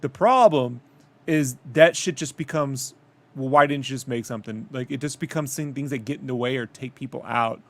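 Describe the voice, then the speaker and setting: A man's voice: mid-range voice, moderate pace. A man co-hosting a casual podcast chat, rambling and swearing as he retells stories and quotes people. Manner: swearing, rambling, quotes others in animated bursts. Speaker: podcast co-host.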